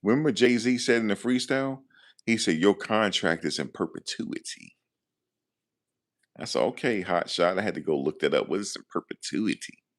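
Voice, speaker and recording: A male streamer with a fairly low voice speaks briskly. He keeps his live-chat commentary casual and playful, often talking back to viewers.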